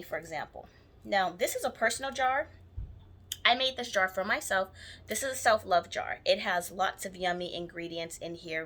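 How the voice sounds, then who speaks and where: A fairly low-pitched woman with a sharp tone talks casually to camera about spells. Her jar-spell tutorial, given as a spiritual practitioner, wanders with lots of ums and restarts, and she's plainly keen on her own work.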